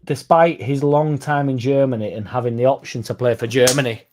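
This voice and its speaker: A man's voice: mid-range voice, fairly even intonation, fairly quick, a little mellow, a little hiss or hum. A man hosting a football fan channel, chatting casually in a rambling, sweary, self-mocking way.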